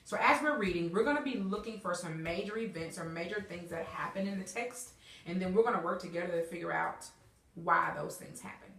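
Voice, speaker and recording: A woman's voice: on the low side, brisk, gravelly, fairly bright tone. Woman teacher, roomy classroom, far from mic. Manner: encouraging, checks in with "okay?" and "all right?". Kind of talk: classroom instruction.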